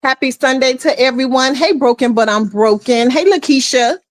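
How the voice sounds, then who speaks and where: A woman's voice: high-pitched, moderate pace, no room sound. A woman hosting a casual live stream, greeting viewers one by one and calling them honey and boo.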